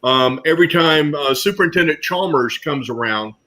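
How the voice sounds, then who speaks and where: A man's voice: fairly high pitch, lively intonation, moderate pace, bright, forceful tone. A man moderating a casual panel discussion, musing aloud with frequent ums.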